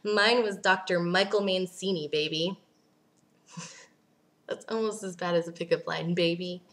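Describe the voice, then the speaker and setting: A woman's voice: on the low side, steady tone, a little slow. A young woman vlogging casually, ranting bluntly and sarcastically, swearing and laughing as she answers viewer questions.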